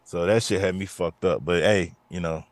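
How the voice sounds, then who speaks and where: A man in his thirties, co-hosting a podcast, telling a story in a lively, profane way and often repeating himself. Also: low voice, normal speed, no room sound. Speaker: podcast co-host. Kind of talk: casual chat.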